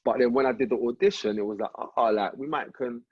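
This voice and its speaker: A man, a podcast guest telling a story in a relaxed, slangy way, recorded with slightly muffled sound. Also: mid-range voice, fast talker, slightly rough, dry recording. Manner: relaxed slangy anecdote telling, frequent "you get me". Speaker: rapper and actor guest. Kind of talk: casual storytelling interview.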